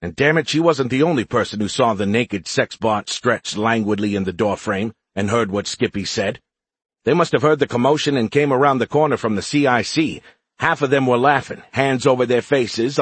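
A man's voice: mid-range voice, a bit bright, slightly rough, no room sound. A man narrating a science fiction audiobook in the first person, wry and exasperated.

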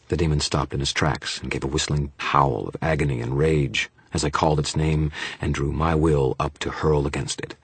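A male narrator with an extremely deep, very husky voice reads a first-person fantasy audiobook. His delivery is grim and dramatic, and the sound is close and completely dry. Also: no room sound.

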